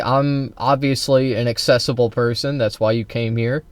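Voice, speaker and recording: A man's voice: mid-range voice, steady tone, normal speed, hardly any pauses, faint music behind. A man streaming live and ranting about politics, combative and heated, talking straight at his chat. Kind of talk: casual political livestream rant.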